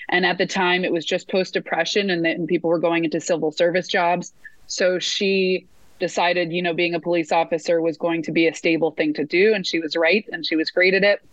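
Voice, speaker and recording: A woman who works as a sports announcer, telling lively stories in a casual interview, full of fillers and restarts. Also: fairly low pitch, a little fast, dry recording, dull audio.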